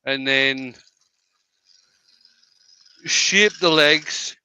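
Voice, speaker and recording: A man's voice: on the high side, very slow, sharp tone, clean tone, no echo, rough recording. A man hosting a live stream, chatting easily and explaining each step of a woodturning job as he works. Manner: easygoing, explains steps as he works. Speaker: host.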